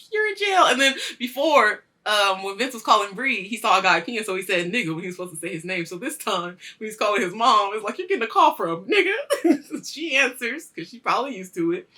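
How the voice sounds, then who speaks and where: A woman hosting a weekly show, casually reviewing a TV episode, animated and swearing freely as she acts out the scenes. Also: medium pitch. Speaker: host of a weekly culture show.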